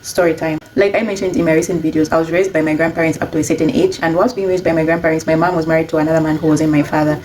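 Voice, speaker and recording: A young adult woman casually telling a personal story, chatty and animated when she quotes herself. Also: low voice, rapid-fire, hardly any pauses, slight background noise, low-quality recording.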